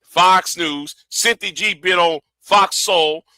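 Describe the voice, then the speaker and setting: A man's voice: sits high, slow, bright, forceful tone, dry recording. A man hosting a livestream, ranting angrily and profanely, often repeating himself and stumbling over words. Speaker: livestream host. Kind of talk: heated livestream rant.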